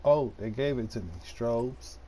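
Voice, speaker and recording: A man's voice: medium pitch, unhurried, noisy background. A man from Detroit, casually chatting with viewers while playing a farming game on a live stream, slangy and laid-back. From Detroit, USA.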